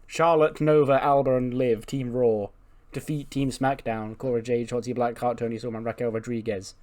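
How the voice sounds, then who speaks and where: A man's voice: mid-range voice, fairly even intonation, moderate pace, a little mellow. Male host, casual laughing play-by-play of a wrestling game. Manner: chatty, laughing, recaps results. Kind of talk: casual commentary on a wrestling sim.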